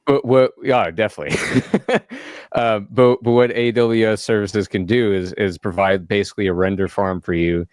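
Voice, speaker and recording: Man, deep voice, casual podcast chat, rambling, laughs a lot, dry studio mic. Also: normal speed, a little mellow, no room sound. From South Africa. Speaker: podcast co-host.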